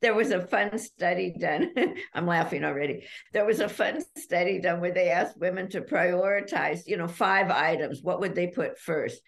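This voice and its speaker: A woman author talking candidly as a podcast guest, self-deprecating and quick to laugh. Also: lowish voice, creaky. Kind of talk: casual podcast interview.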